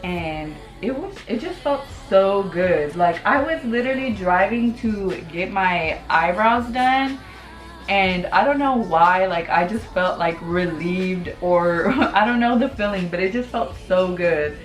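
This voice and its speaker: A woman's voice: mid-range voice, animated, measured pace, reverberant, soft background music, low-quality recording. A woman in her thirties chatting candidly while doing her makeup, full of "like" fillers and casual swearing. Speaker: beauty vlogger. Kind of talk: casual get-ready-with-me chat.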